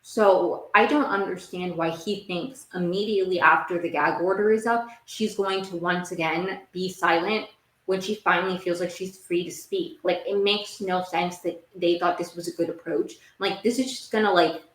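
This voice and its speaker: A woman's voice: fairly low pitch, steady tone, moderate pace. A young woman hosting a podcast, recapping TV shows in a casual, rambling monologue. She speaks emphatically, says "like" a lot and repeats her phrases. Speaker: podcast host. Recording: roomy echo.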